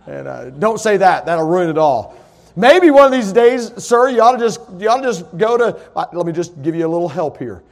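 A middle-aged man, preaching in a high voice. He tells homespun stories in a folksy way and then rises to loud, emphatic declarations. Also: very animated, normal speed. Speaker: pastor. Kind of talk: sermon with personal story.

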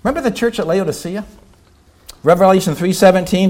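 A male pastor preaching a sermon, swinging between loud exhortation and hushed appeals, asking rhetorical questions and slowing down on key words. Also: high-pitched.

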